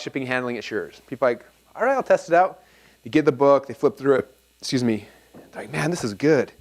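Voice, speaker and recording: Man, thirties, quick seminar speaker, animated storyteller, plays out dialogue. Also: medium pitch. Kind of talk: energetic seminar talk with anecdotes.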